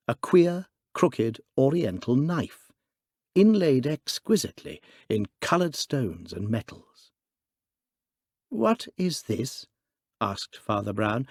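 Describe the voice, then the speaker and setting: A male narrator reading a classic detective story aloud, expressive and theatrical. His pitch ranges widely across lines, and the recording is dry and close-miked. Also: no echo. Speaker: audiobook narrator. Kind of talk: scripted narration of a classic mystery.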